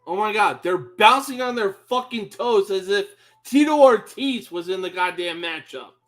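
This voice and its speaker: A man commentating a fight on a live stream, swearing and yelling at the fighters in exasperation. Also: sits high, lively intonation, normal speed.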